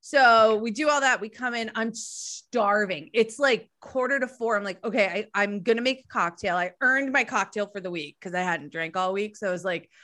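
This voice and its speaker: A woman's voice: mid-range voice, normal speed, few pauses. A middle-aged woman, hosting a podcast and telling stories in casual chat, swearing freely. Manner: animated storytelling, swears casually. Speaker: podcast host.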